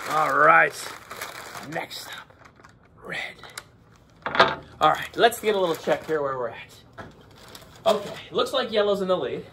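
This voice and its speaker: Gravelly, hammy male teacher, lively. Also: sits high, a little hiss or hum. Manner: hammy, joking, slips into a gruff pirate voice. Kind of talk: playful lesson for children.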